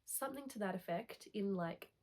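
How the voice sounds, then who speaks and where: A woman's voice: mid-range voice, expressive, normal speed, darkish tone. A young woman with a congested, nasal voice from a cold, chatting casually to camera in a rambling way that keeps correcting itself. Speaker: knitting vlogger.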